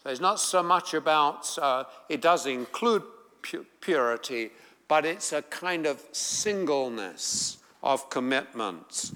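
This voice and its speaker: A man with an English accent, from England, teaching a Bible class, reading scripture aloud and explaining it in a deliberate way. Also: mid-range voice, animated, bright, forceful tone, in a large hall.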